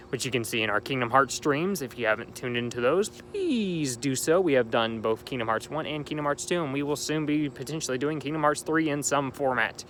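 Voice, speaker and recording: Recorded outdoors at night over a faint background hum, a young gaming channel host chats and rambles cheerfully through a casual game playthrough. His medium-pitched voice has a slightly bright quality.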